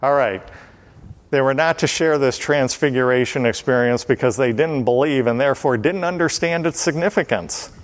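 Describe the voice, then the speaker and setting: A man's voice: medium pitch, normal speed. A man preaching a Bible study sermon, explaining step by step and repeating key phrases for emphasis.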